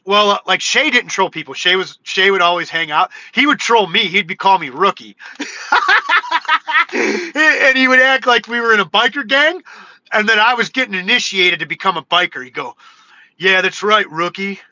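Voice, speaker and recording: A man hosting his own livestream, chatting loosely and excitedly with viewers, full of "dude" and "bro". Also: sits high, moderate pace, no room sound, muffled recording. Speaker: livestream host. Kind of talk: casual livestream chat.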